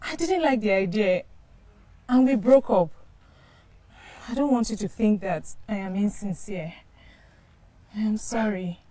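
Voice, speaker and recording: A woman's voice: mid-range voice, measured pace, pauses often, mellow, close to an everyday voice. An actress with a Nigerian accent playing an anxious young woman apologising to the man she loves. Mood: pleading. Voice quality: pleading, apologetic. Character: young woman torn between two men, anxious. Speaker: girlfriend. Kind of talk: Nollywood film acting.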